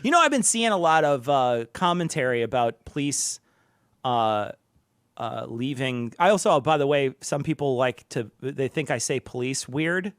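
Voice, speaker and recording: Animated, laughing male podcast co-host. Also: mid-range voice, moderate pace, no echo, studio quality. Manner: laughing, profane, mocking mimicry. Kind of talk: casual chat.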